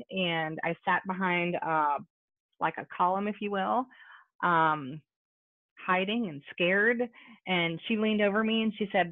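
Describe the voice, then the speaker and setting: Her fairly low voice coming through tinny, phone-like call audio with no room sound, an American woman recounts her recovery at a support meeting held online. She speaks casually, wandering into asides and using many fillers.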